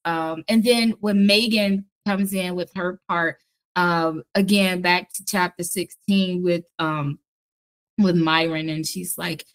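Woman, casual cast chat, lively and quick to mimic voices. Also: fairly low pitch, poor audio. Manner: animated, acts out character lines. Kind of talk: casual group interview.

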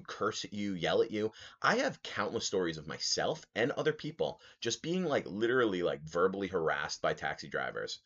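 A young man with a low, deep voice and a lot of swing in his delivery rants about his run-ins on a casual solo podcast. He swears freely and laughs as he goes. The audio is a little dull and muffled. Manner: animated storyteller, swears freely, laughs while telling. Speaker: podcast host.

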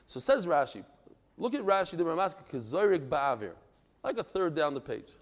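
A man from Brooklyn, New York, teaching a Talmud class in a lively, digressive way, breaking into joking stories. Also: fairly high pitch, fairly quick. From United States (Brooklyn, New York).

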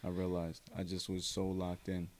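A man's voice: low-pitched, monotone, normal speed, a little mellow. A young man co-hosting a podcast, chatting casually in a laid-back, rambling way with plenty of swearing and fillers. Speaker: podcast co-host. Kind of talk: casual chat.

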